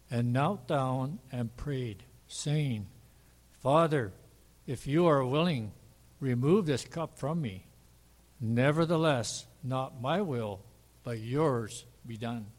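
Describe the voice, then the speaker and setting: A man's voice: mid-range voice, a little mellow. Man reading scripture in a reverberant hall. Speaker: scripture reader. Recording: long reverb of a large hall.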